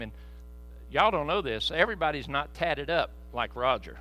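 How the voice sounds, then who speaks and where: A man preaching a sermon in a church, telling stories folksily and swinging from soft asides to loud, fervent peaks. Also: a little high, expressive, moderate pace, faint music behind, low-quality recording. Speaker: pastor. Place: church sanctuary. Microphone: handheld microphone.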